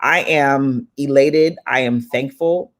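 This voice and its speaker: A woman's voice: extremely low pitch, slow. A woman hosting a live online summit in casual, motivational chat. She sounds affectionate and upbeat, calling listeners "baby" and "y'all". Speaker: summit host.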